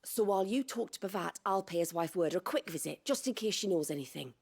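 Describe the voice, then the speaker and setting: Worried village healer, bit of fry in her voice, explains things carefully. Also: on the low side, lively intonation, quick pace, darkish tone, full character voice. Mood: concerned. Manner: earnest, explanatory. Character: worried village healer woman, earnest and caring. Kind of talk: video game dialogue.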